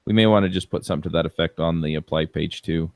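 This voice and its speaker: Deep-voiced man telling a story on a podcast. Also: fast, no echo. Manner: relaxed storytelling with many fillers. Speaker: podcast co-host. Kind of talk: casual podcast chat.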